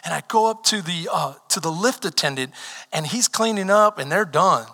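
A man preaching a sermon as pastor, telling stories with animation and building to shouted calls to the congregation. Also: sits high, normal speed, vocal fry. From Texas. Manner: animated storytelling, rising to shouted exhortation. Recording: long hall reverb.

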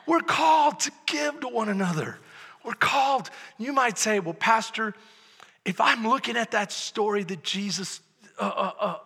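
A male pastor preaching a sermon, impassioned, swinging from shouted peaks to low, hushed lines. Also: slightly rough, in a large hall.

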